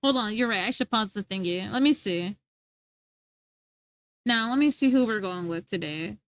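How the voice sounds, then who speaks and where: A woman's voice: mid-range voice, animated, normal speed, dry recording. A woman livestreamer chatting casually with her viewers, giggly and full of filler words.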